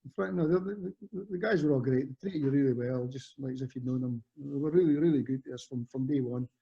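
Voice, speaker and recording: A fast talker with a creaky, husky, mid-range voice, this Scottish guest in his fifties once played football. He rambles through stories in casual chat, frequently correcting himself, and the recording is muffled and lo-fi.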